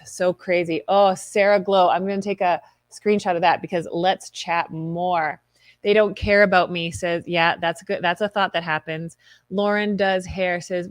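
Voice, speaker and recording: A woman's voice: mid-range voice, no echo. A woman hosting a live stream, reading viewer comments and telling candid stories with quoted inner voices.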